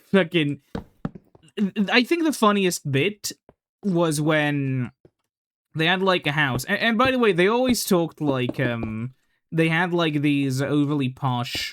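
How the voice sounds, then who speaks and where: A man's voice: on the high side, fairly bright tone. A man casually commenting while he plays a game, rambling with lots of fillers and the odd swear. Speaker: gaming channel host.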